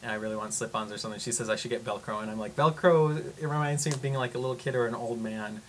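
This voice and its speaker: A young man vlogging, telling a story in a casual, animated way, full of fillers and acted-out gasps. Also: mid-range voice, quick pace, a little hiss or hum. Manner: animated, acts out gasps and quotes, lots of fillers.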